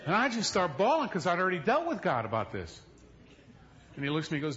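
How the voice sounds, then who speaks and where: A man's voice: high voice, huge pitch swings, fast. Man preaching, muffled church recording. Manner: storytelling with acted quotes, swings from loud to hushed. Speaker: pastor. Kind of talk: sermon.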